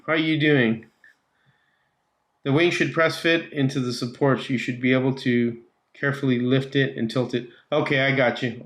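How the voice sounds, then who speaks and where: In a home room built around a slot car track, a man hosts a casual livestream, chatting with viewers and reading out their comments. His voice is medium in pitch with a fairly bright tone, and he laughs often and sometimes trails off mid-thought.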